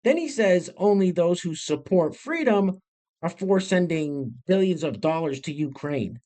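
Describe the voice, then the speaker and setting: Sarcastic male commentary host, lively pitch. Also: unhurried. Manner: sarcastic, mocking asides. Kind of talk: scripted commentary on video clips.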